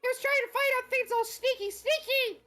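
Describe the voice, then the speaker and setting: A man's voice: very high-pitched, brisk, bright, forceful tone, faint music behind, voice pushed up. A man voicing a gleeful, sadistic male bear mascot in a mocking, sing-song way while reading game dialogue.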